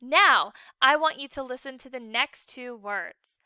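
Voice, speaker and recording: Woman, teacher, phonics lesson for kids, high voice, crisp tone, overpronounced words, encouraging. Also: lively intonation, bright, forceful tone, dry recording, studio quality. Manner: slow, exaggerated enunciation of words; patient and encouraging. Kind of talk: recorded phonics lesson for children.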